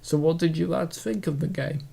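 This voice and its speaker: A man's voice: on the high side, moderate pace, gravelly, mellow, slight background noise. A man hosting a casual football chat show, reading out results and stammering a little. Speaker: show host.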